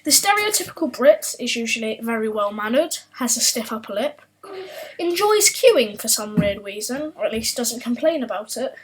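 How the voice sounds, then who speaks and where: A woman's voice: on the high side, very animated, normal speed, a little hiss or hum, rough recording. A woman hosting a comedic culture explainer, delivering a scripted script in a wry, self-mocking tone. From United Kingdom. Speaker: host.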